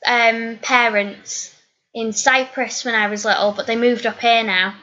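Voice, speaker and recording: A woman's voice: a little high, fairly even intonation, unhurried, bright, forceful tone. A woman from Wales, chatting in a giggly, chatty way in a casual Q&A video. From northeast Wales. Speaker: YouTuber. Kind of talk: casual Q&A chat. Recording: dull lo-fi recording.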